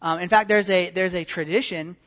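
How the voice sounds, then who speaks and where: A man's voice: high voice, fairly even intonation, fairly quick, fairly bright tone. A middle-aged man giving a conversational sermon as a pastor, with many fillers and restarts.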